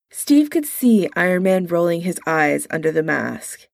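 A woman reading a story aloud in a calm, measured way. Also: fairly low pitch, vocal fry, no echo, studio quality. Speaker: narrator.

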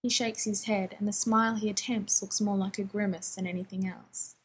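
Female story reader, calm and even delivery, strongly breathy tone. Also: medium pitch, normal speed, rough recording. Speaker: audiobook reader. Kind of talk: reading fan fiction aloud.

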